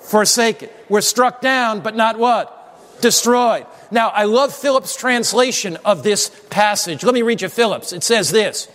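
A man's voice: sits high, unhurried, fairly bright tone. A man preaching a sermon, emphatic and prompting the congregation to call back answers. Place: church sanctuary. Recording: long hall reverb.

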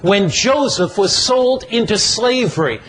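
A man's voice: sits high, lively intonation, a little slow, fairly bright tone, slight background noise, low-quality recording. A man preaching a sermon in an emphatic, repetitive cadence.

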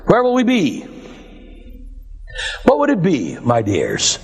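A man preaching a sermon with dramatic swings of pitch and emphasis, calling his listeners "my dears.". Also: wildly swooping pitch, slow pace, gravelly, breathy edge. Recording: long hall reverb.

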